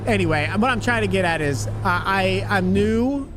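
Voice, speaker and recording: Excitable, profane man streaming a trucking game. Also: sits high, moderate pace, hardly any pauses, noisy background. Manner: excitable, profane, mock-threatening, talks to chat. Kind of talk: casual live-stream chat while playing.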